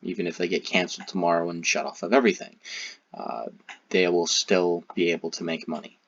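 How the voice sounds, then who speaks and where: Low husky-voiced man commentating. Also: fairly even intonation, a bit bright, no room sound. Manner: hesitant, halting with restarts. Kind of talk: critical commentary. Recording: dull, muffled recording.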